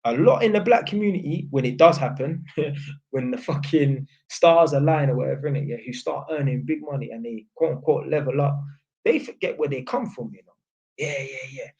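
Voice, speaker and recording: A man's voice: mid-range voice, expressive, moderate pace, vocal fry, a little mellow. London guy ranting on his livestream, swears a lot, keeps saying innit, bit muffled audio. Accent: London, Multicultural London English. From North London, England. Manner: blunt, swearing, emphatic, repeats tag questions. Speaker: livestream host. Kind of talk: casual livestream monologue.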